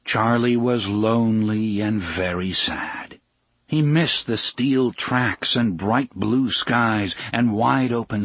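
A man narrating a children's storybook aloud with an expressive storytelling cadence. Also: on the low side, slightly rough, no room sound. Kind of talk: storybook reading.

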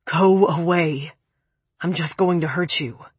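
A woman's voice: on the low side, slow, husky, no room sound. A woman voicing a raging, broken young man. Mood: bitter despair. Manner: yelling, anguished, swearing. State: raspy from yelling.

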